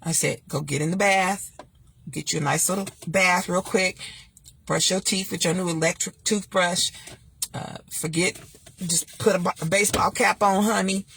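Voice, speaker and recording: A woman, chatting casually and sassily to viewers, preachy at times and laughing loudly. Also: steady tone, normal speed, vocal fry, breathy edge. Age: 50s. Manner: sassy, preachy, laughs loudly and swoops high when joking. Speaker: host. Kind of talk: casual livestream chat.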